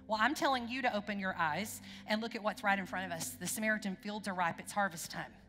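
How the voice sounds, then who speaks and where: A woman's voice: mid-range voice, fast, pushed and bright. A woman preacher giving a conversational sermon in a church, often checking in with the congregation with questions. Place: church sanctuary. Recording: long hall reverb with faint music.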